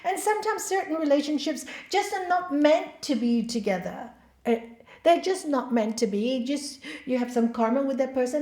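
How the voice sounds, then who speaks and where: A woman gives a spiritual talk as a yoga teacher, telling stories with emphatic, animated delivery. Her voice sits fairly high. The hall around her adds a clear echo. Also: moderate pace. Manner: animated storyteller acting out quoted voices, emphatic. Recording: echoey hall.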